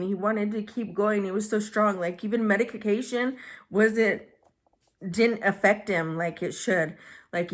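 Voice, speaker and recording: A woman vlogger telling a personal story to camera, soft-spoken and halting as she searches for words, grieving and holding back tears. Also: mid-range voice. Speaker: beauty vlogger.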